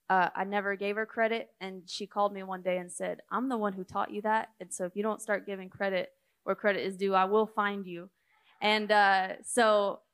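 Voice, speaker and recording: Brief: young woman preacher, slightly high voice, chatty, storytelling sermon. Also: a bit bright. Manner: conversational, storytelling, many fillers.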